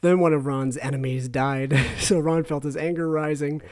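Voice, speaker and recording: A man's voice: on the high side, fairly even intonation, normal speed, a little mellow, no room sound. A man reading a silly story aloud over a video call, chuckling and stumbling over words.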